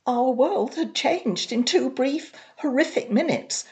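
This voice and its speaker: A woman reading a story aloud in a measured, plain storytelling manner. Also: high-pitched, animated, a little mellow. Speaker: reader. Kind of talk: audiobook narration.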